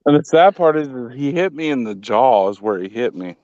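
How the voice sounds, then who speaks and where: Smooth-voiced man reminiscing. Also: medium pitch, animated, brisk, a little mellow, dry recording, faint music behind. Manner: reminiscing, profane. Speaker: friend in the chat. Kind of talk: casual chat. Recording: dull lo-fi dry sound.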